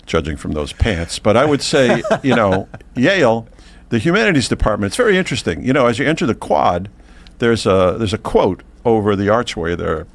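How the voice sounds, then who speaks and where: A man's voice: on the low side, expressive, normal speed. A man doing a weary talking dog. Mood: wry. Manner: wry, rambling, chuckling often. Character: talking male dog, worldly ex-professor, weary storyteller.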